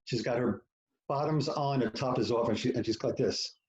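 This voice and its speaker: A man's voice: medium pitch, normal speed, a little mellow, lo-fi sound. Frank storytelling man in an echoey room. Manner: frank, profane, self-mocking, acts out quoted lines. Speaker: podcast guest, author. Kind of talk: candid storytelling in conversation.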